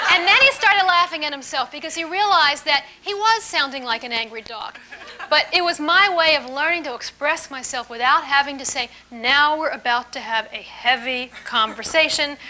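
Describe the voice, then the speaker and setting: A woman giving a live relationship seminar to an audience, lively and emphatic, often playful. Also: high voice, slight background noise. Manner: lively, emphatic, playful, laughs while teaching.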